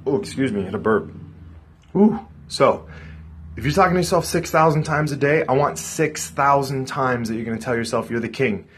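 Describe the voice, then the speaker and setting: A man's voice: medium pitch, moderate pace, fairly bright tone, a little hiss or hum. A man giving a blunt, profane motivational pep talk to his viewers in a casual vlog. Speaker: vlogger.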